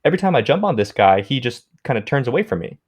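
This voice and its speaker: A man's voice: mid-range voice, big pitch swings, quick pace. A man voicing a male pet dog that talks itself through its own behavior in a plain musing tone.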